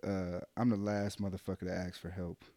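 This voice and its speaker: Low-voiced man telling a story animatedly. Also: brisk, no echo. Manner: animated, profane, acts out quoted voices. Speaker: podcast co-host telling a story. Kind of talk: casual storytelling chat.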